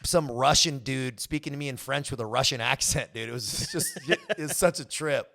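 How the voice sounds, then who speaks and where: A young man with a Californian accent guests on a podcast, sharing stories loosely in a casual interview. His medium-pitched voice swings hugely in pitch, carries vocal fry and a fairly bright tone at normal speed, and he laughs a lot while tossing out plenty of "bro" and "dude."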